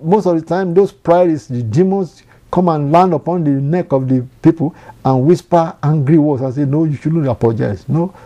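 A man's voice: on the high side, dark tone. A man preaching a sermon, earnest and repetitive, often quoting scripture.

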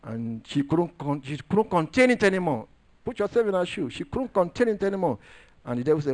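A man's voice: sits high, very animated, fairly quick, a little mellow. A man preaching a sermon, emphatic and repetitive, stressing key phrases as he works through scripture. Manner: repeats phrases while working through scripture.

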